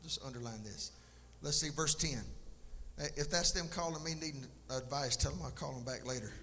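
Fairly high-pitched, brisk, and pushed and bright, this man preaches passionately as pastor, mixing emphatic delivery with homey remarks to the congregation. It was recorded live in the church sanctuary, with long reverb and a little noise.

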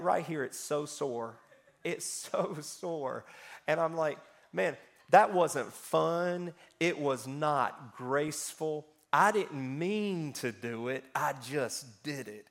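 A man preaching a sermon, telling funny personal stories with animated swings between loud and soft. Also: a little high. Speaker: pastor.

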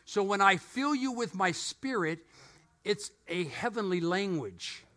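A middle-aged male pastor preaching a sermon in a church, telling stories with animated energy and joking asides. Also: sits high, measured pace.

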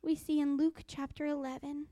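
Woman giving a sermon, high warm voice, dry close sound, reads scripture slow and deliberate. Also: level tone, no room sound. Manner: dramatic hushed whispers for emphasis. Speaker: preacher.

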